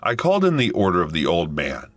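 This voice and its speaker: A man's voice: deep voice, huge pitch swings, quick pace, no room sound. A man narrating a first-person story in a matter-of-fact storytelling manner.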